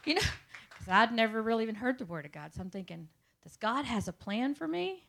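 A woman's voice: a little high, expressive, brisk, gravelly, bright, forceful tone. Woman telling her testimony in church. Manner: conversational storytelling, talks to the audience directly. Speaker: church speaker giving testimony. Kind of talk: personal testimony to a congregation.

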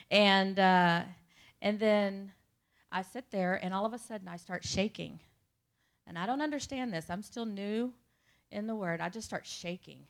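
A woman's voice: mid-range voice, a bit bright. Woman telling her testimony in church. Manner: conversational storytelling, talks to the audience directly. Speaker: church speaker giving testimony. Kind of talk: personal testimony to a congregation.

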